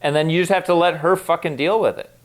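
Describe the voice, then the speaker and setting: A man's voice: fairly high pitch, fairly even intonation, fast. Frank, profane man in casual podcast chat. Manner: frank and profane, acts out quoted dialogue. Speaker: podcast co-host.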